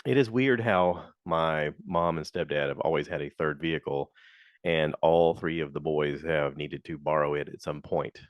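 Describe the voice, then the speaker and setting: A man hosting a podcast, telling a frank, animated story in a casual monologue and complaining as he goes. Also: very deep voice, normal speed, no room sound, highs cut off. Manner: animated, slips into quoted voices. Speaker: podcast host.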